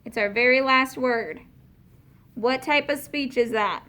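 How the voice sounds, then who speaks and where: A woman teaching a class of young students, patiently asking questions and slowing down to spell out and explain words. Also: high voice, pushed and bright.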